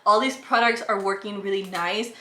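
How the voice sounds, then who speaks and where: Young woman, Spanish accent, animated get-ready-with-me chat, echoey room. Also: medium pitch, normal speed, noisy background. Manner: animated storytelling, laughing easily. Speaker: beauty vlogger. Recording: roomy echo.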